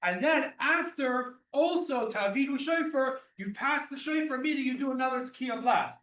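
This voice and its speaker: Male class teacher, high-pitched, restarts sentences often, recorded from afar in an echoey hall. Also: animated, normal speed, pushed and bright. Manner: repeats and restarts, explains with everyday examples. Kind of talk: explanatory Torah class. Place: class room or synagogue. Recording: echoey room, mic far off.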